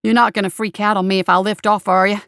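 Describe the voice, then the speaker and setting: A woman's voice: medium pitch, little pitch movement, quick pace, a bit bright, dry recording, studio quality, close to an everyday voice. A woman voicing a scrappy, loyal male sidekick who talks in folksy slang, read for an audiobook. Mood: loyal, rough.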